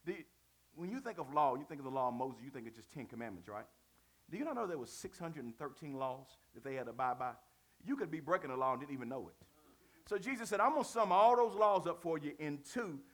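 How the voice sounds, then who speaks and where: A man preaching a sermon in a lively, conversational way, asking the congregation questions and using slang. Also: medium pitch, fast.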